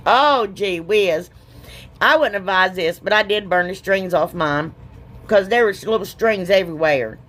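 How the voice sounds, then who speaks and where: A woman talks through her crafting project in a casual voice-over. She is folksy and chatty, often laughing at herself and calling her listeners "y'all." Her pitch sits in a middling range. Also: animated, measured pace, fairly bright tone, a little hiss or hum. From Ohio, US. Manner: giggly, chatty, self-deprecating, folksy. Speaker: DIY crafter, channel host.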